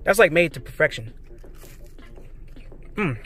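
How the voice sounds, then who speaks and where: A man eating and reviewing fast food in a parked car, talking excitedly and calling his viewers "guys" and "man". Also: a little high, husky. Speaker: food vlogger. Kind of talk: casual food review vlog. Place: parked car, traffic passing outside. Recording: faint road noise from inside a car. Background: cars passing by.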